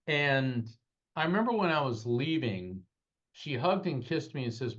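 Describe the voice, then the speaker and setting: A man recounts a personal story with growing animation, his voice climbing at the dramatic moments. His pitch sits in the middle range. The audio is dull and lo-fi. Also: unhurried. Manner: animated, dramatic retelling with rising pitch at peaks. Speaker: guest, psychic medium and lawyer. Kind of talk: storytelling in a podcast interview.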